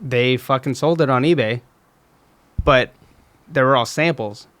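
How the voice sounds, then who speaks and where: A man's voice: medium pitch, a little slow, fairly bright tone. A man as a podcast guest, telling a story bluntly with casual swearing. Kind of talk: casual chat.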